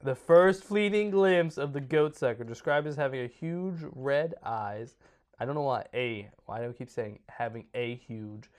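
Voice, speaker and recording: A man's voice: mid-range voice, expressive, normal speed. A man hosting a podcast, reading notes in a casual, joking way with small stumbles. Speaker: podcast host.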